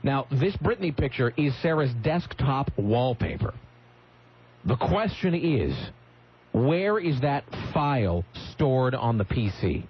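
A male radio host rambles through a story, cutting himself off and restarting as he goes. His voice sits in an ordinary middle pitch. It comes through a slightly muffled broadcast with a faint hiss behind it. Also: animated, slow. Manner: rambling, self-interrupting storyteller. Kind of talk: morning radio banter and storytelling. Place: radio studio.

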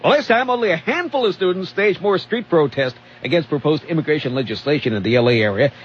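A man co-hosting a talk radio show, reading news items with quick, dry delivery and wry asides. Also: fairly high pitch, animated, lo-fi sound, a little hiss or hum.

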